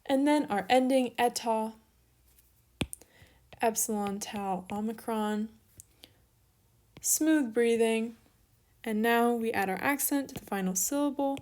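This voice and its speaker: In an online lesson, a young Greek teacher with a higher voice walks through verb forms slowly, pausing often as she writes. She goes step by step, offering small apologies along the way. There's slight background noise.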